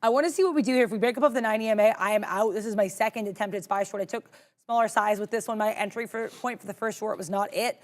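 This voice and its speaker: A woman's voice: medium pitch, fast. A woman co-hosting a live trading show, chatty and self-deprecating as she talks through her trades.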